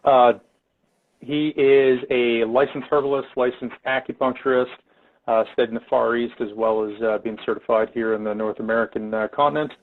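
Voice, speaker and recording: A male podcast host introduces his guest at a middle pitch, stalling on "uh" again and again. His voice comes through a narrow, tinny line, like a phone call. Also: fairly even intonation. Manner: halting, many "uh" fillers.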